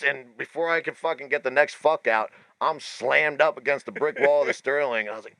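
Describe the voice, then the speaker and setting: Male podcast host, profane, animated storyteller; gravelly, tense, bright voice with a wide pitch range. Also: a little fast, few pauses, no room sound. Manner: profane, animated, acts out voices in his stories. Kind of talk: casual storytelling.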